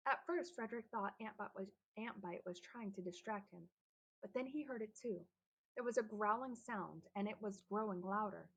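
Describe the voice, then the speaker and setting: A woman narrates a children's adventure novel in a steady, lightly animated way. Her voice has a gravelly, husky grain and sits at a middle pitch. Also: normal speed, poor audio. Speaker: audiobook narrator.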